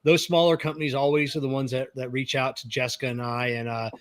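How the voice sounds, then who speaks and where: A man co-hosting a podcast, chatting in a relaxed, matter-of-fact way. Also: mid-range voice, quick pace, no echo, clean studio sound. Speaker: podcast co-host. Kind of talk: casual conversation.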